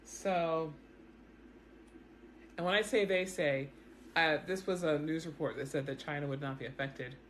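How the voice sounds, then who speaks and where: Animated woman explaining to camera. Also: sits low, a little slow, long pauses, a little hiss or hum. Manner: animated, repeats words, talks straight to viewers. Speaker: news commentary vlogger. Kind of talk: casual explanatory commentary to camera. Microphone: self-recorded camera setup.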